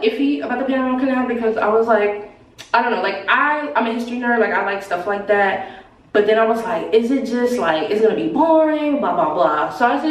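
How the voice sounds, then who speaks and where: A woman's voice: fairly low pitch, recorded from a distance. A woman vlogging her solo trip in casual chat, gushing and exclaiming as she goes. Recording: roomy sound from off-mic with faint ambience.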